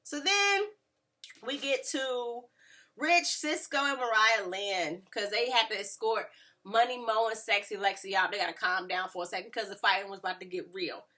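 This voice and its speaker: A woman, casually recapping a reality show and acting out quotes with lively voices. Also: medium pitch, normal speed. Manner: animated, mimics people in quotes. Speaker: reality TV reviewer.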